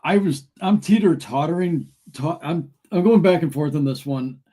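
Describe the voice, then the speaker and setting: A man's voice: on the high side, normal speed, mellow. A man co-hosting a casual sports talk show, easygoing and thinking aloud as he goes back and forth on his picks. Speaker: podcast co-host.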